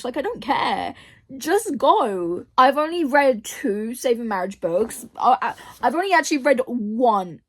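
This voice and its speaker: A woman's voice: on the high side, very animated, unhurried. A young woman vlogging casually about her reading, ranting and swearing freely. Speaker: book vlogger. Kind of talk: casual reading vlog chat.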